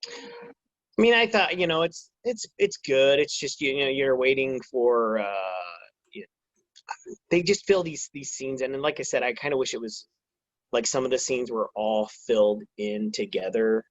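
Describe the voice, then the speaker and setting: Halting man with a dull, dry sound. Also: mid-range voice, no room sound. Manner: halting, reflective opinions. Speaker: co-host. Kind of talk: casual episode review chat.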